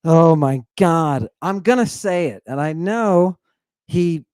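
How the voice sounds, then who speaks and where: A man giving an excitable, irreverent lecture as a guest scholar, teasing his audience and calling out to the crew. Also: on the high side, slow pace, clear, resonant tone, no room sound, clean studio sound. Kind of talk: animated lecture on ancient texts.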